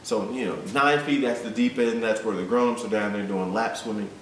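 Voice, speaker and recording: A man's voice: fairly low pitch, fairly even intonation, brisk, a bit bright. A man, a fitness coach, telling a story and turning it into a motivational talk, often repeating himself as he builds to urgent appeals. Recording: echoey room, voice from a distance, background hum.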